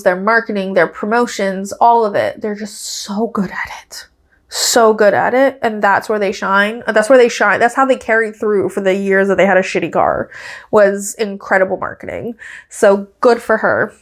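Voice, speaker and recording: A woman's voice: medium pitch, moderate pace. A woman hosting a podcast, talking in a casual, chatty, gossipy way. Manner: chatty and gossipy, many fillers, laughs at her own stories. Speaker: podcast host. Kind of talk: casual chat recapping a race.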